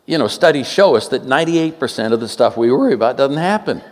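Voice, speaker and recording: A man in his seventies delivers a sermon, his voice rising and falling in lively swings as he tells funny stories. His pitch sits in a middle range, and he breaks into quick, joking asides. His voice carries through the long reverb of a large hall. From Oakland, California, US. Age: 70s. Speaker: preacher.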